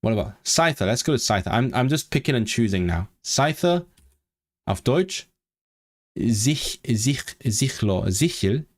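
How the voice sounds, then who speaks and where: A man's voice: medium pitch, expressive, a little slow. A man chatting casually on a live stream, thinking aloud and eagerly sounding out foreign words. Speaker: language-learning streamer.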